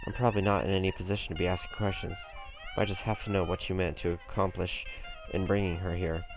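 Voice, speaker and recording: A man's voice: sits low, huge pitch swings, fast, music in the background, full character voice, poor audio. A man reading a dry old president. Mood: wry. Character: stern old male president, calm and wry.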